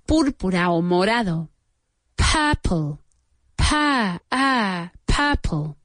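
Slow, careful woman teaching English. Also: medium pitch, dry recording. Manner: repeats each answer slowly, switches to Spanish to explain. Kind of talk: beginner English lesson.

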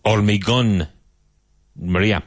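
A male teacher with a deep, low voice leads a classroom vocabulary drill. His delivery is brisk and encouraging. The recording is dry and close, with no room sound. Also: no room sound. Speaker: English teacher.

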